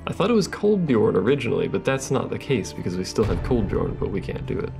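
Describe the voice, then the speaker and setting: A man's voice: fairly low pitch, big pitch swings, quick pace, creaky, over music. A man giving casual, wry commentary on his gameplay and reading the game's text aloud. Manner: wry, reads game text aloud between remarks. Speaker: let's play host.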